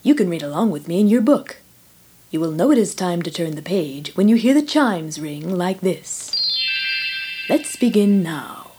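A woman voicing a gentle read-along storybook narrator who speaks slowly, like a children's record. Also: lowish voice, animated, a little hiss or hum, close to an everyday voice. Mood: gentle, sing-song.

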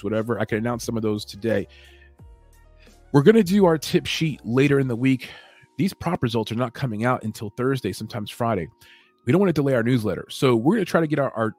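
Male podcast host, mid pitch, loose rambling delivery full of fillers, dry close mic with faint music underneath. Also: no room sound. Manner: loose and rambling, with frequent fillers and self-corrections. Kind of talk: casual show announcements.

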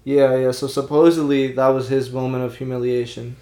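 A young man co-hosting a podcast in casual chat, talking in quick, animated bursts full of filler words. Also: mid-range voice. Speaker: podcast co-host. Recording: roomy echo.

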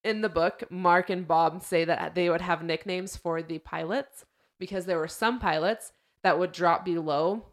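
A young woman chats casually as a podcast host, with a fairly low voice. She retells events in a loose, lively way and acts out what people said. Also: a little slow. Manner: chatty storyteller, acts out quotes.

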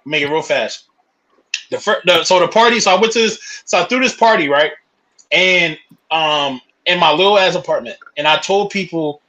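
A man's voice: on the high side, expressive, normal speed, bright, forceful tone, low-quality recording. A young man in casual chat, loosely rambling through a story and restarting his sentences.

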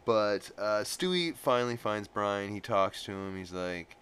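A man's voice: lowish voice, animated, measured pace, a bit bright, clear, resonant tone. A man hosting a podcast, casually recapping an episode in a rambling, profane way with lots of fillers.

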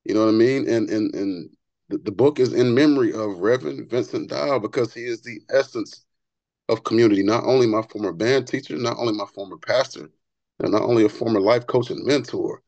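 A man's voice: medium pitch, brisk, no echo, muffled recording. Earnest man telling stories, dry sound. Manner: earnest, animated storyteller; repeats words when excited. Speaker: barber and author, podcast guest. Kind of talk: conversational interview storytelling.

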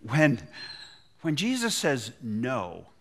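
A man's voice: medium pitch, wildly swooping pitch, extremely slow. A man preaching a sermon, retelling a scripture story and acting out the quotes with feeling. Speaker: pastor.

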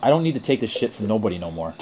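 A man's voice: lowish voice, very animated, racing, crowd noise. A man in a heated phone argument, lecturing angrily and swearing a lot. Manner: angry, profane, lecturing. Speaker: caller in a family phone argument.

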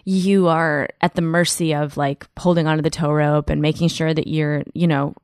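A woman's voice: sits low, moderate pace, clear, resonant tone, no room sound, clean studio sound. A woman comedian telling stories as a podcast guest, full of fillers and restarts. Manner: animated storyteller with many fillers and restarts. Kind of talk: casual podcast chat.

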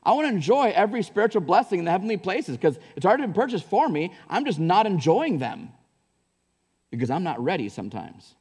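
A man's voice: on the high side, darkish tone, slightly rough. Guy pastor preaching, chatty then fired up, big churchy reverb. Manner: conversational preaching, rising to fervent emphasis. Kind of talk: sermon. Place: church sanctuary.

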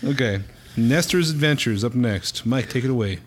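A man hosting a relaxed chat, moving things along and describing magazine pages plainly. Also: medium pitch, moderate pace, slight background noise. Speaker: podcast host. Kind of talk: casual group chat.

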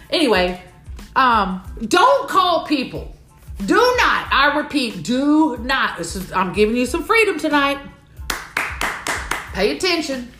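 Woman, comedic motivational speaker, lively storyteller who plays out others' voices; higher voice, roomy echo. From Houston, Texas. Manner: animated storytelling, playfully acting out other people. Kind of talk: comedic motivational talk to an audience.

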